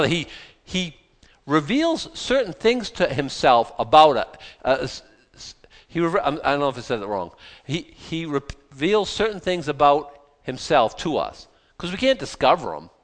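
A man's voice: on the high side, very animated, measured pace. A man preaching a conversational sermon, chatty, often stopping to correct himself and adding joking asides.

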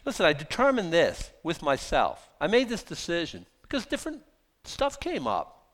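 Animated, lively-pitched male preacher. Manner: animated, conversational preaching with sudden loud bursts; reads scripture slowly, then paraphrases casually. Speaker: pastor. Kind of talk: sermon.

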